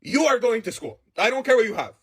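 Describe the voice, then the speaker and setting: A man voicing a blunt, dismissive mother who talks in short, flat orders. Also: mid-range voice, racing, pitched below the performer's own voice, lightly acted. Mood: stern.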